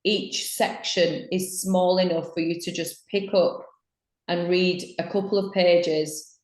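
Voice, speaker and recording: Irish woman, podcast guest; frank, cheeky delivery, lowish voice, echoey room. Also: fairly even intonation, slow, a little mellow. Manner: frank and cheeky, swears freely. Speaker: guest author. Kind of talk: casual podcast chat.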